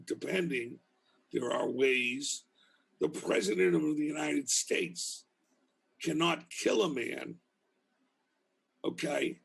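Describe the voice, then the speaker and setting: A man's voice: mid-range voice, vocal fry, fairly bright tone, breathy edge. A man in his fifties with a Boston accent, a criminal justice professor speaking as a podcast guest in a blunt, anecdotal way. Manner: blunt, anecdotal, restarts phrases often. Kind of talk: casual podcast conversation.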